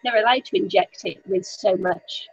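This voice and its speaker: A woman's voice: mid-range voice, normal speed, creaky, slightly rough, highs cut off. A woman from outside North America, a guest on a livestream, explaining things in casual chat with frequent fillers.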